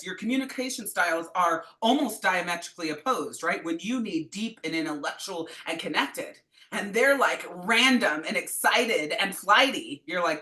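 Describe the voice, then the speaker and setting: A middle-aged woman teaches astrology in a loose, live-session way. Her voice is bright and sharp, and she talks bluntly and swears freely for emphasis. The sound rings in an echoey room. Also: on the low side, lively intonation, normal speed. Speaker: astrology coach.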